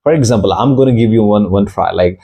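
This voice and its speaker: Low, mellow Indian man teaching English. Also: fast talker, gravelly, slightly rough. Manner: explanatory, with frequent fillers and restarts. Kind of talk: YouTube English lesson.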